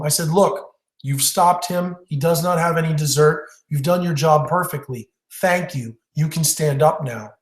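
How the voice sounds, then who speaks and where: A man teaching stage hypnosis in a webinar, telling a story in a conversational way with fillers and restarts. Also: a little high. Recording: roomy echo.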